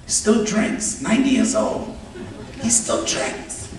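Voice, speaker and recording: A man performing a stand-up comedy set, telling animated, profane stories and acting out voices before a live audience. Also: high-pitched, slow pace, slight background noise. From Latino family. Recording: echoey live room, mic far off. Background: audience laughter.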